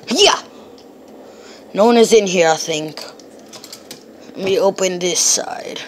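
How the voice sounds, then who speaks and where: A woman narrating an improvised hide-and-seek game with toy cars, switching between excited squeals and low mumbled asides. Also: slow, pauses often, a little hiss or hum. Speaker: storyteller voicing toy cars.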